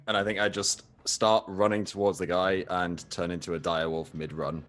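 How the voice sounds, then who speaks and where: A man's voice: low voice, little pitch movement, normal speed, few pauses, a bit bright, faint music behind. A man playing a tabletop game, describing his moves and counting up his rolls methodically. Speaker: player. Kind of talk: casual tabletop game play.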